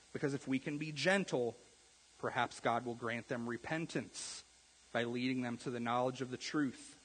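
A man preaching a sermon as a pastor, earnest, getting louder on key points and then dropping soft. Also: mid-range voice, slightly rough. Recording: long echo of a large hall.

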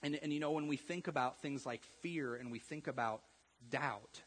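A man preaching a conversational sermon, repeating words and swinging from quiet asides to loud emphasis. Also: medium pitch, moderate pace, breathy edge. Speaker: pastor. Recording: long reverb of a church hall.

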